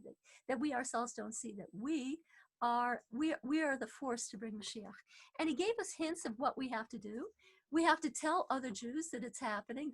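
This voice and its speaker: A high-voiced woman leads an online class over a video call. She talks in a chatty way, with many fillers and restarts. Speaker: teacher.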